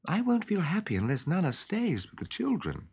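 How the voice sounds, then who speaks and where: A man reading a storybook aloud and voicing a gentle, worried mother who pleads softly. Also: sits high, wildly swooping pitch, moderate pace, creaky, husky, pitched above the performer's own voice, full character voice.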